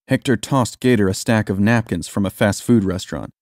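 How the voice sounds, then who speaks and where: A man reading a story aloud in steady, even scripted narration. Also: fairly low pitch, fairly quick, few pauses, no room sound, clean studio sound.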